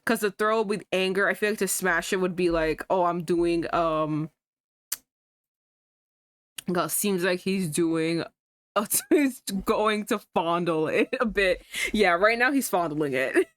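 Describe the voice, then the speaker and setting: A woman streamer commenting casually on a game, talking fast and swearing in exasperated rants. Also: on the low side, a bit bright, no room sound.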